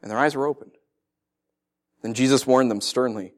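A man's voice: mid-range voice, fast. A man preaching a sermon, reading scripture and acting out the people in it with laughs. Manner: animated, acts out voices with laughs. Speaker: pastor.

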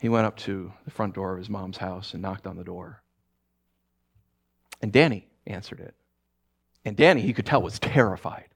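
A man preaching by telling a story, speaking softly and haltingly with frequent restarts. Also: low voice, gravelly, breathy edge. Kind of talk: sermon storytelling.

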